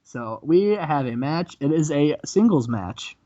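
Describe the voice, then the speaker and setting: Animated man narrating a game, dull mic. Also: a little high, a little slow. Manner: animated storytelling, quotes characters, laughs often. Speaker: host. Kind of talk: comedic let's-play commentary.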